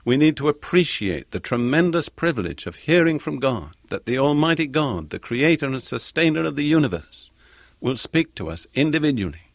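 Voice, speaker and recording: Measured male preacher, dry sound. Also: medium pitch, very animated, dry recording. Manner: measured, deliberate, repeats key phrases for emphasis. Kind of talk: sermon.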